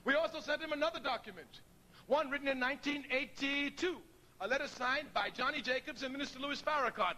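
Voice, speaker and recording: A middle-aged man speaks to a live audience in a very high, ringing voice. He tells stories with emphatic, preacherly weight, and his tone stays bright and forward. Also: a little fast. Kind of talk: public speech with storytelling.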